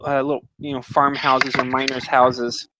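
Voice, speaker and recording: A game master narrating a tabletop adventure scene, describing it at length and filling pauses with ums and uhs. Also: mid-range voice, little pitch movement, very noisy.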